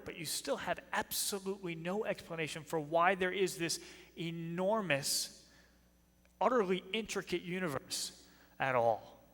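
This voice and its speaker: A man's voice: fairly high pitch, a bit bright. A man with a New Jersey accent giving an emphatic apologetics talk in a church, putting rhetorical questions to the audience. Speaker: speaker. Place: church hall. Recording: long reverb of a church hall.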